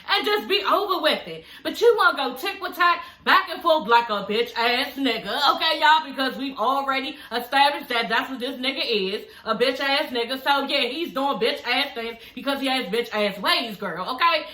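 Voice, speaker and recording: A woman's voice: high-pitched, lively intonation, normal speed, hardly any pauses, sharp tone, echoey room. A woman, recapping a reality TV show in a casual chat, sassy and blunt, swearing and laughing often.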